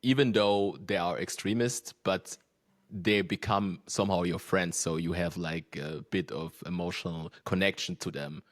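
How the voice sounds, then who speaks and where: A man's voice: low voice, steady tone, normal speed, no echo, studio quality. A man whose native language is German, hosting an interview and asking questions while searching for his words. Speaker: host.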